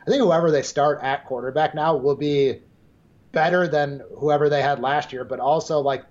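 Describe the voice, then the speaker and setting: A man's voice: mid-range voice, darkish tone. Confident young man on a dull, lo-fi line. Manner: confident, blunt, swears casually. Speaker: podcast co-host. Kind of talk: casual sports chat. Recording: dull lo-fi sound.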